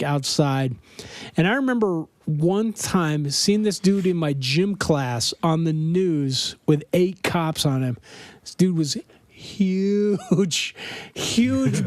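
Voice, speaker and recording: A man's voice: fairly high pitch, no room sound. A middle-aged man from Denver chatting casually on a podcast, telling rambling stories and laughing often. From Denver, USA. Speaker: podcast host. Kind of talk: casual chat.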